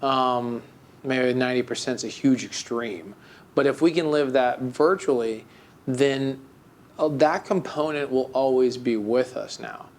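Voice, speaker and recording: A man's voice: medium pitch, unhurried. Male co-host, mid-range voice, rambling casual storyteller with a mock-glum streak. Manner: rambling, with many fillers and restarts. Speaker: podcast co-host. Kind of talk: casual chat.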